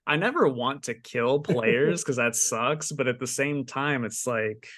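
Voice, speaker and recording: A man who co-hosts a podcast and serves as game master chats casually, rambling easygoingly and laughing often. His medium-pitched voice is a bit bright and unhurried. The sound is clean studio with no room noise.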